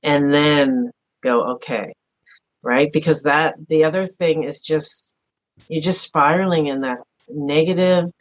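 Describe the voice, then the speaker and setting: A middle-aged woman speaking earnestly and softly as a podcast guest, thinking aloud in a reflective personal conversation. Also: sits low, measured pace. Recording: dull lo-fi audio.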